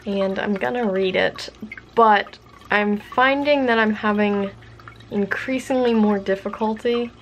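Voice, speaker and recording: A young woman speaks casually to her vlog audience, reflecting openly on how her studies are going. Her voice sits at an ordinary pitch with a noticeable creak at the ends of phrases, and a faint hiss can be heard under it. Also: a little slow. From United States. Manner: chatty, candid and self-reflective. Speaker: language-learning vlogger.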